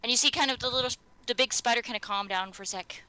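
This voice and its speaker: Bright-voiced woman game master. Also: on the high side, rapid-fire, smooth, low-quality recording. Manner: rambling, many fillers and restarts. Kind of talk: narrating a tabletop game.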